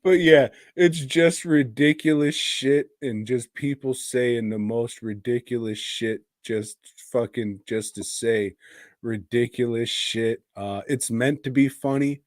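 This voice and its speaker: A man's voice: mid-range voice, takes it slowly, no room sound, clean studio sound. A man co-hosting a podcast, chatting in a crude, profane, rambling way. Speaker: podcast co-host. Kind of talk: casual podcast chat.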